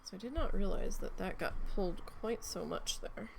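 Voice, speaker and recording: A young woman, a crafting vlogger, chats indoors at home while needle felting, telling rambling stories and swearing freely. Her medium-pitched voice is creaky with lively intonation at a moderate pace, and there's a little hiss or hum.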